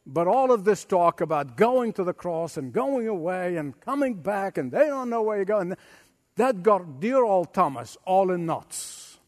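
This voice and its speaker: A man's voice: high voice, big pitch swings, measured pace, a little mellow, in a large hall. A man preaching an emphatic sermon as pastor, acting out quotes.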